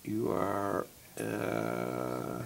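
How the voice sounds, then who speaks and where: A man's voice: extremely low pitch, big pitch swings, drawn-out words, vocal fry. A man in casual chat working through riddles aloud, thinking step by step with hesitations. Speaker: co-host answering riddles.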